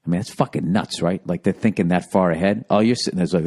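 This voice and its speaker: A man's voice: low-pitched, fast, breathy edge. A man telling profane, rambling stories on a podcast and acting out the people in them. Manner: profane, animated, acts out quoted voices. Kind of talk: podcast storytelling, rambling monologue.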